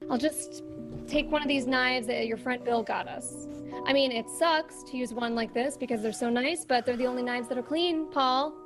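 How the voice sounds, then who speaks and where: An actress playing a young wife in an audio drama, sometimes calm and evasive, sometimes frantic and insistent. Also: female voice, sits high, moderate pace. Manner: plain, then frantic and insistent. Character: young wife, secretive then panicked. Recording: voice over music from a played audio drama. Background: music.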